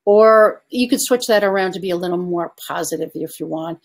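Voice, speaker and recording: A woman's voice: on the low side, brisk. A woman success coach giving an online coaching presentation, asking her audience questions and inviting replies in the chat.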